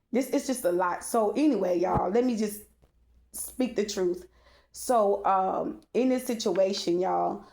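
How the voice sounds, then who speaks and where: A woman's voice: mid-range voice, a little mellow. Rambling woman telling a story. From Texas. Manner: rambling, many fillers, addresses the audience directly, profane. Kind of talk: casual storytime monologue.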